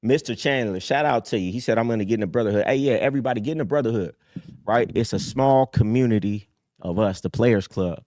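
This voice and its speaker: A man's voice: fast talker, darkish tone, no room sound. Streetwise man preaching hard on a dry mic. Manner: streetwise, preachy, swings from low mutters to high emphatic bursts. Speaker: host. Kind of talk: casual livestream talk.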